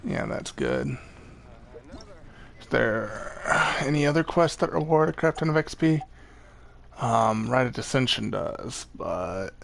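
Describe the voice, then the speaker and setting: A man's voice: mid-range voice, big pitch swings, slow pace, creaky, long pauses, fairly bright tone. A young man casually commenting on his gameplay, laid-back, joking and rambling. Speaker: gaming YouTuber.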